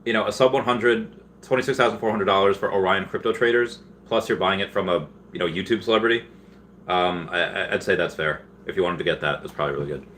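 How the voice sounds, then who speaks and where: Bright-voiced man hosting a chatty livestream. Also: fairly even intonation, fast, a little hiss or hum. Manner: rambling and chatty with frequent laughs and restarts; bursts into high, loud put-on voices when quoting. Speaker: livestream host. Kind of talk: casual livestream chat, reading viewer comments.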